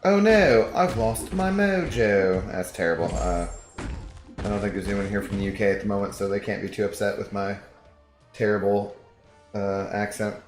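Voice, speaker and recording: A man's voice: deep voice, completely flat delivery, fairly quick, long pauses, a little mellow, roomy sound, soft background music. A man streaming a video game, chatting casually and jokingly with viewers and reading their messages aloud.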